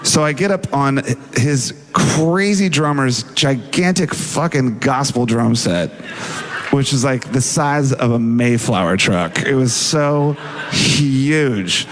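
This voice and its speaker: Interview guest, male, mid-range voice; casual storyteller, animated and profane. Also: mid-range voice, slow, a little hiss or hum. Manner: animated, profane, acts out quoted dialogue.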